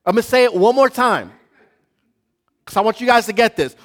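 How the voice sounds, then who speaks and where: A male pastor preaching a sermon to a live congregation, building from quiet talk to shouting. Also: extremely high pitch, animated, a little fast, pauses often.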